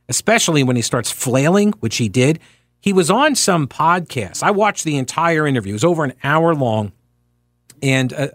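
A man's voice: fairly high pitch, no echo. A man hosting talk radio, arguing his points with rhetorical questions and restarts, speaking into a studio microphone. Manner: animated, argumentative, with frequent restarts and rhetorical questions. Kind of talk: opinionated talk radio commentary.

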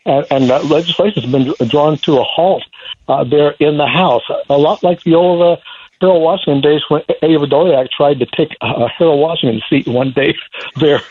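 An older man, a newspaper columnist, speaking as a guest in a radio interview, halting with many fillers and restarts. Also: a little high, a little mellow. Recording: dull lo-fi radio sound with faint noise.

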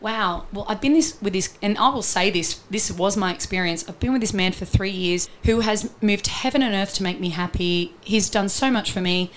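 A woman's voice: medium pitch, moderate pace, few pauses, slight background noise. A woman relationship coach talking in an interview, explaining her ideas earnestly and walking through everyday examples. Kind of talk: conversational interview.

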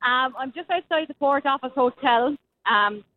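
A woman's voice: sits high, unhurried. Irish woman on a tinny phone line. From Ireland. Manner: cheeky, teasing. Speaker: phone-in correspondent. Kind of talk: casual live cross. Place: outdoors at a street parade. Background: crowd.

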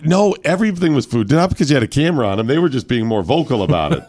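A man with a hoarse voice hosts a morning talk radio show, swinging into lively storytelling and acting out what others said. His voice sits at an ordinary pitch for a man. He chats with a co-host in easy banter. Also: very fast, no echo. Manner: animated storyteller, acts out other people's lines.

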